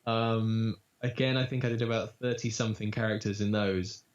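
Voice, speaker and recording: A man in a relaxed interview, talking about his voice acting work. He tells stories with lively energy and drops into character voices now and then. His voice sits on the low side, and the recording sounds dull and lo-fi. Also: normal speed. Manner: animated storyteller, breaks into demo voices. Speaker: voice actor. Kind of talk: casual interview chat. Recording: dull lo-fi audio.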